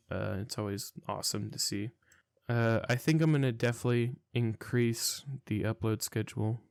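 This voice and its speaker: A young man rambles through a casual story, cursing freely and sounding baffled by what happened. His voice is smooth and clear, and it sits close and dry with no room around it. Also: mid-range voice, darkish tone, no echo. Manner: profane, rambling, incredulous. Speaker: storytelling vlogger.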